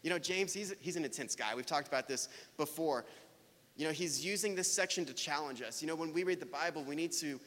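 A man's voice: on the high side, a little fast, fairly bright tone. A man preaching a casual, self-deprecating sermon in a church, chatting with his audience. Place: church hall. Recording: preacher in a reverberant church hall.

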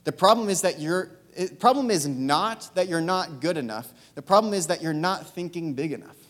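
A man's voice: a little high, lively intonation, moderate pace. A young man giving a sermon, talking earnestly and casually, with fillers, as he tells a story. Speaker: youth speaker. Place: church hall. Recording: long hall reverb, music behind. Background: soft guitar.

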